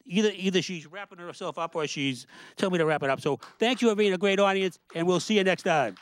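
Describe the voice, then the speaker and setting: A man hosting a show, telling comic stories and jokes in an animated, exasperated way. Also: high-pitched, fast. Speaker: host. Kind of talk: comic storytelling.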